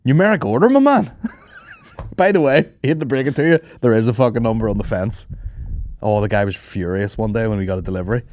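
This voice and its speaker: A man's voice: on the low side, fast talker, darkish tone. A young man, hosting a podcast and telling rambling, profane comic stories with frequent laughs. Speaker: podcast host. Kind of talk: casual comedic storytelling.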